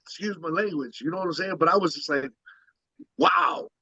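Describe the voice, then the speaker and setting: A man co-hosting a casual podcast chat about films, talking excitedly and often asking "you know what I'm saying". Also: a little high, fast, no echo, lo-fi sound. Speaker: podcast co-host.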